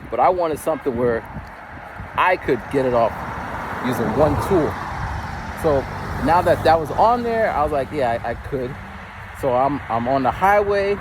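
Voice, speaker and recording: A man telling a casual story as a vlogger, rambling with many restarts and repeated words, recorded on a phone outdoors near traffic. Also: a little high.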